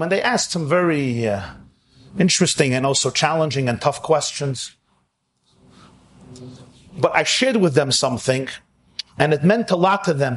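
A man giving a sermon with a storyteller's manner, earnest and slowing down to stress key phrases. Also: a little high. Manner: earnest, with slowed, stretched emphasis on key phrases.

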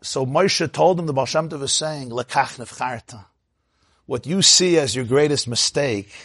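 A man giving a sermon, telling stories in an expressive way and mixing in Yiddish and Hebrew phrases. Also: medium pitch, slightly rough, no room sound, clean studio sound. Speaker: rabbi. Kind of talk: sermon with storytelling.

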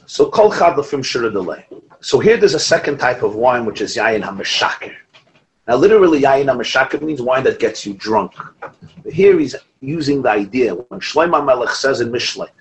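A man teaching a Torah class as a rabbi, lively, quoting Hebrew texts and telling stories. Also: medium pitch, fairly quick, rough recording. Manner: animated, quotes Hebrew and Aramaic texts, asides and restarts.

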